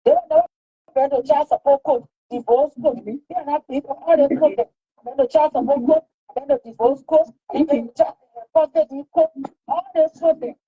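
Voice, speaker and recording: A woman's voice: sits high, sing-song, fairly quick. A woman, talking emphatically and repeating herself in heated casual talk. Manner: emphatic, repetitive. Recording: dull lo-fi recording.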